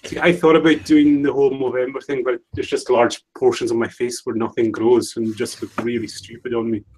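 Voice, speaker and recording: A man's voice: medium pitch, flat delivery, a little fast, darkish tone, slightly rough, rough recording. Rambling podcast co-host, man. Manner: rambling, hesitant, with many restarts. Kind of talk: casual chat.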